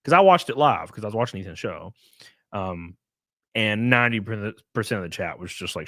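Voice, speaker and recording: A man's voice: lowish voice, sing-song, unhurried, pauses often, a bit bright, no echo, studio quality. A man chatting casually on a live stream, rambling, laughing and reading out chat messages. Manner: rambling, reads chat aloud, laughs often.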